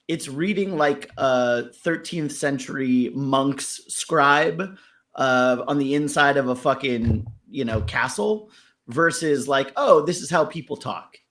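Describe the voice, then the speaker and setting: A man's voice: mid-range voice, a bit bright. A man giving blunt, swearing feedback on a rap verse in casual review chat. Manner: blunt, swears, laughs while critiquing. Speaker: music critique panelist.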